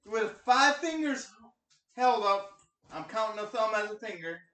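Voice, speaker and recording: A mother chatting casually among friends and telling stories in an animated way. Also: medium pitch, a little slow. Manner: animated storytelling. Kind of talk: casual chat. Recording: roomy sound, far from mic.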